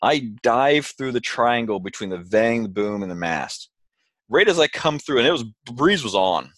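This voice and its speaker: A man telling a story in casual chat with animated delivery, acting out quotes. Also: medium pitch, moderate pace, no room sound. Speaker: co-host, sailor.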